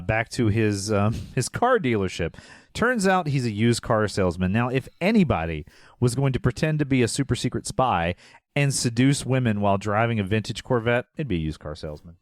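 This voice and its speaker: A man's voice: lowish voice, no echo, clean studio sound. A man co-hosting a podcast, casually recapping a movie scene by scene, rambling and trailing off, with a laugh slipping into his lines. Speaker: podcast co-host.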